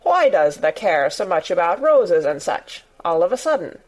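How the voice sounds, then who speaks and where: A woman's voice: lowish voice, sing-song, normal speed. A woman doing a grumbling old gardener. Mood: gruff. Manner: grunting, grumbling, curt. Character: grumbling old male gardener, gruff and cross.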